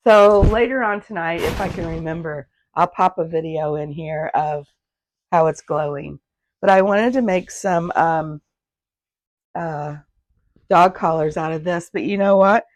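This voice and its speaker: Hoarse, rambling woman sewing vlogger. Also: lowish voice, a little slow, dry recording. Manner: rambling, loses her thread and restarts. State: hoarse, gravelly voice. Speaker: handmade business owner, vlogger. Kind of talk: casual chatty vlog. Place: home sewing room. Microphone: phone.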